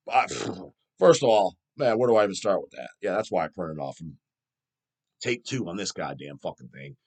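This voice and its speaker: Profane, animated man hosting a metal channel. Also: low-pitched, normal speed, breathy edge. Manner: profane, animated, mocks people in put-on voices. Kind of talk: profane casual rant answering viewer questions.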